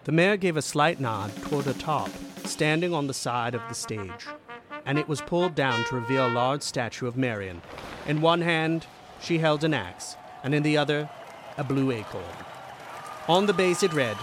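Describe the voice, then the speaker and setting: Expressive male story narrator. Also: on the high side, normal speed, a crowd in the background, noisy background. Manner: dramatic and expressive. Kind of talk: scripted audiobook narration.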